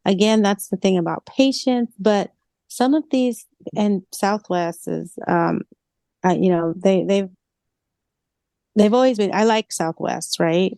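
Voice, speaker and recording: A co-host on a casual podcast, this woman has a mid-range, creaky voice and an unhurried pace, captured in a dry recording. She tells lively stories and acts out the quotes.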